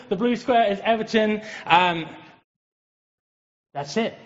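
English guy preaching, chatty and jokey, high voice, long hall echo. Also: normal speed, pauses often. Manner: lively, joking and chatty. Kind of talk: conversational sermon. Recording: dull, reverberant hall sound.

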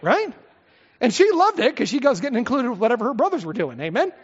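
Animated male preacher in an echoey hall. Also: very high-pitched, quick pace, slightly rough. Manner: lively, conversational preaching with asides and rhetorical questions. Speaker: pastor. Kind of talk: expository sermon. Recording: echoey hall, slightly dull sound.

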